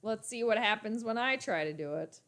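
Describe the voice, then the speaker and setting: A woman hosting a casual sports livestream, talking chattily to her viewers in an animated way. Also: a little high, normal speed. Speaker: sports channel host.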